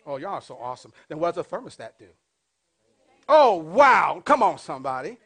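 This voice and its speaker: Fifty-something pastor man preaching, high-ish voice, lots of call-and-response questions to the church. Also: a little fast, slightly rough. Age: 50s. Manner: animated, swings between loud and hushed. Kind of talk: sermon.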